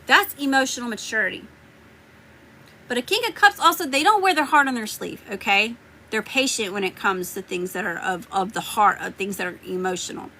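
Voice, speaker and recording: Bright-voiced Southern US woman reading tarot. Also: medium pitch, animated, brisk, slight background noise, rough recording. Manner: chatty, greets viewers by name. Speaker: tarot reader.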